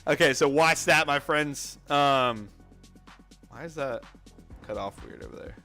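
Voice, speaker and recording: A bright-voiced man hosts a trading livestream, rattling off viewer names with bursts of excitement. He sounds winded, as if out of breath. Faint music plays behind him. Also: a little high. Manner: energetic, reads viewer names rapidly, excitable outbursts. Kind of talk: casual livestream chat.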